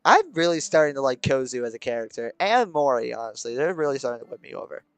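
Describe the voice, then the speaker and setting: A man's voice: mid-range voice, expressive, fast talker, smooth, no room sound. A young man streaming live as he reads a visual novel aloud, breaking off into chuckles and joking asides. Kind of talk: live let's-play commentary mixed with reading aloud.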